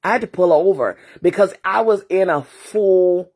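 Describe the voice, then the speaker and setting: Female host, low husky voice, unhurried earnest storytelling with casual slang and repetition. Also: darkish tone. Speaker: host and therapist. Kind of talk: emotional storytelling monologue.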